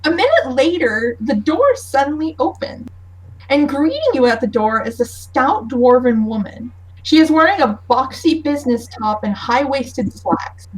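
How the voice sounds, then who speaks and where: A woman narrating as game master in a tabletop game over voice chat, lively, with frequent fillers and laughs. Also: high-pitched, measured pace, breathy edge, poor audio.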